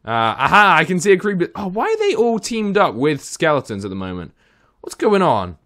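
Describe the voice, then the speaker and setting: A young man gives running gameplay commentary in a higher, very lively voice that leaps up and down. He is excitable, talking to the creatures on screen and addressing his viewers directly. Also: fairly quick. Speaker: gaming video host.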